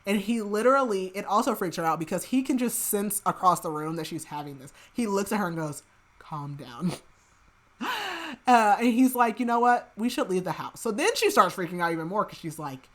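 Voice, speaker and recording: A woman hosting a podcast, recapping a book in casual chat, rambling with lots of filler "like" and dropping into soft murmured asides. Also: medium pitch, animated, brisk. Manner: rambling, heavy use of filler "like", chatty asides; laughs at her own remarks, drops to soft murmured asides. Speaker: podcast host.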